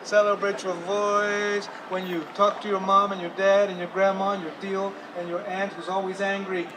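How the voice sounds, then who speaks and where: A man's voice: high voice, level tone, moderate pace, hardly any pauses. An older man performing spoken word poetry outdoors, chanting in rhythmic repetition and mixing in Spanish phrases. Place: outdoors downtown street. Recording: distant mic, street noise.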